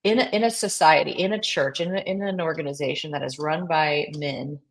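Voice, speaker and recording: A woman with a notably low voice speaks in an affirming, casual tone. She restarts often with "I mean" as she encourages her friend. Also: brisk, rough recording. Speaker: podcast co-host. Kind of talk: supportive casual chat.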